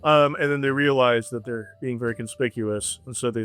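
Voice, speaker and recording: A man narrating as game master in a halting, filler-heavy way. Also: medium pitch, fairly even intonation, fairly bright tone, clean tone.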